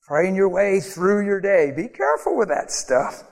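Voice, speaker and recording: Animated preacher in an echoing hall. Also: male voice, high-pitched, measured pace, vocal fry. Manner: animated, laughing often, acts out quoted voices. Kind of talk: sermon with storytelling.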